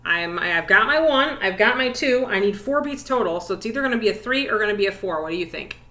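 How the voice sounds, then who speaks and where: Bright-voiced woman music teacher. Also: mid-range voice, expressive, fast. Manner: encouraging, talks directly to young students. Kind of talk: online music lesson for children. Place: classroom. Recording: echoey room.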